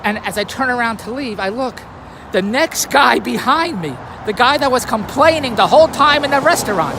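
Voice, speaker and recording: A vlogger with a very high voice sits in a car beside a busy street, traffic clearly audible behind him. He tells a rambling everyday story at a moderate pace, grumbling and amused at himself, his lively pitch bouncing up and down.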